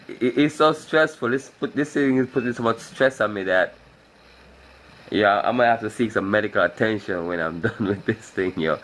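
A man's voice: lowish voice, a bit bright, low-quality recording. Stressed man talking to camera. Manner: stressed, repetitive, nervous laughter. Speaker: vlogger. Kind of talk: casual video diary.

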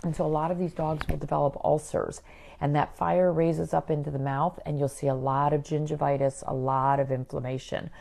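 A middle-aged woman veterinarian giving a chatty, animated talk about pets, full of quick asides. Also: low-pitched, creaky. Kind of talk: casual educational talk.

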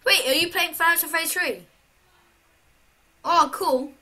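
A woman's voice: very high-pitched, a little slow, pauses often, bright, forceful tone. A young woman giving casual, panicky commentary while playing a horror game, frantically repeating herself. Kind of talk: casual let's-play commentary.

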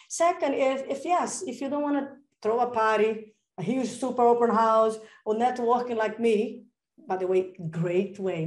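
An energetic, enthusiastic woman speaking as a real estate coach on a podcast, acting out little dialogues as she talks. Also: on the high side, reverberant. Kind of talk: casual interview talk.

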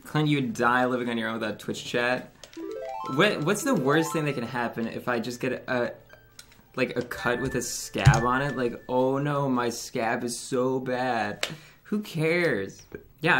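A man's voice: mid-range voice, animated. Profane rambling young male streamer. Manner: profane, rambling, quick to laugh. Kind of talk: casual livestream commentary. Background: game music.

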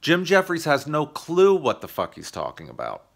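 A man's voice: on the high side, wildly swooping pitch, normal speed, creaky. Profane ranting American man. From United States. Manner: profane, combative ranting with sarcastic mock voices. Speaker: YouTube comedian. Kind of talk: ranting video monologue.

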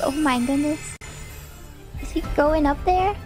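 Slow-talking, very high woman gamer, giggly let's-play commentary with faint music. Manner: giggly, reads game text aloud. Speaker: gaming YouTuber.

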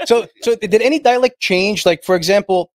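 A middle-aged male podcast co-host asks drawn-out, supportive questions. His voice sits a little high and sounds dry and close to the mic. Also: no echo. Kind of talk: casual podcast chat.

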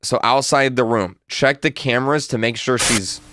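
A man's voice: mid-range voice, moderate pace, background noise. A man playing a horror game and commenting, muttering nervously and repeating himself. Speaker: gaming YouTuber. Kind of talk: let's play commentary.

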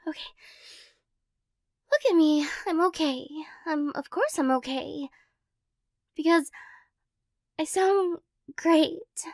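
A woman in a whispered role-play as a tearful ex-girlfriend, talking softly and rambling, flustered and emotional. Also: high-pitched, slow pace, long pauses, no room sound, studio quality. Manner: soft, rambling, self-conscious and emotional. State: teary after crying. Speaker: ASMR role-play performer.

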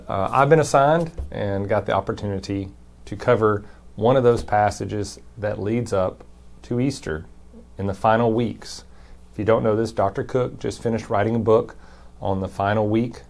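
A man's voice: fairly low pitch, moderate pace, vocal fry, a little mellow. A man, a pastor, giving a brief conversational devotion and reading Scripture aloud with emphasis. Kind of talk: short recorded devotion.

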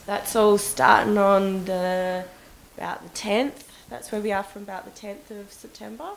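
A woman's voice: medium pitch, steady tone, measured pace, vocal fry, slight background noise, rough recording. A woman, a band guest, answering matter-of-factly in an easygoing interview chat. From Australia.

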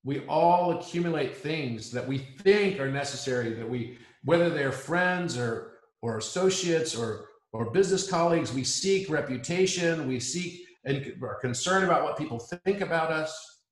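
A man's voice: on the high side, expressive, moderate pace, echoey room. A man as an interview guest in a reflective conversation. He talks earnestly, often restarting his sentences and repeating words.

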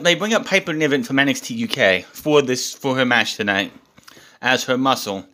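Guy doing a wrestling review rant, fed up, cusses a lot, bright lively voice. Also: mid-range voice. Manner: exasperated, swears often, animated delivery. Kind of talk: casual ranting recap.

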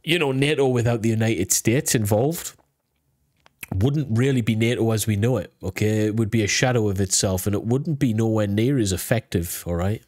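A British man reacts casually to a video, rambling along with frequent restarts. His voice sits a bit low and sounds dry and close to the mic. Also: moderate pace, a little mellow, no room sound. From United Kingdom. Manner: chatty, rambling, lots of restarts and fillers.

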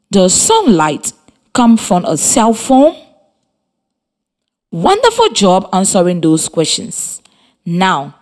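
A woman teacher with a Liberian English accent gives a scripted radio lesson to children. Her voice sits a little low, but her pitch swings widely as she speaks. She takes her time, spelling words letter by letter. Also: a little mellow.

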